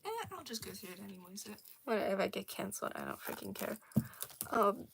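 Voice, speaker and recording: A woman's voice: medium pitch, sing-song, fast, gravelly, a little hiss or hum. A young woman casually rambling about her original characters, with many fillers, restarts and giggles. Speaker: storyteller.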